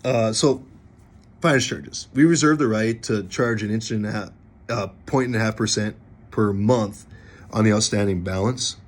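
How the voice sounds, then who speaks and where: A man's voice: fairly low pitch, normal speed. A man from a contracting company casually walking clients through a contract, joking and mildly stern. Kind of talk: casual explanatory walkthrough.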